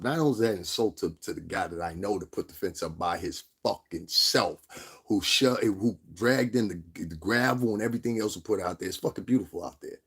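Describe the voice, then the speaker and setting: Gravelly low-voiced man ranting. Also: fairly bright tone. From Connecticut. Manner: profane, preachy, mimics others in high voice. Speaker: vlogger. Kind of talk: angry storytelling rant.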